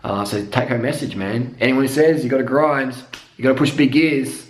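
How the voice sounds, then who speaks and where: A man's voice: mid-range voice, moderate pace. A man rants about pro cycling in a casual vlog. He talks bluntly and swears all the time. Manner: profane, blunt, excitable. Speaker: cycling vlogger. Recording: echoey room.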